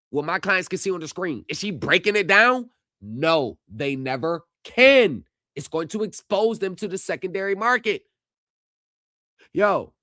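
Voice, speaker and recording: A man's voice: high voice, no room sound, studio quality. Man ranting at court footage. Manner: heated, yells at the screen; addresses viewers directly. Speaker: streamer reacting to court footage. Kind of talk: live stream commentary.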